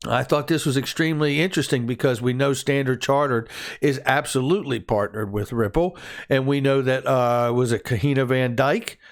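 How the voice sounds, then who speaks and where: A man's voice: medium pitch, normal speed. A man hosting a casual crypto news show, chatty and upbeat, joking now and then and laughing at his own quips. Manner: upbeat and enthusiastic. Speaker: crypto news channel host.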